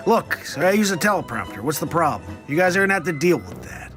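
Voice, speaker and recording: A man's voice: fairly high pitch, sing-song, fast, fairly bright tone, faint music behind. A man doing a comedic impression of an elderly male president who rambles through a victory speech with meandering asides. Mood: rambling.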